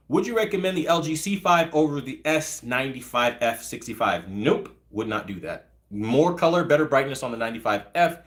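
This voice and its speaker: A man's voice: mid-range voice, a bit bright. A man in his thirties hosting a live chat, answering viewers' comments in a blunt, profane, ranting way. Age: 30s. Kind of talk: casual livestream chat.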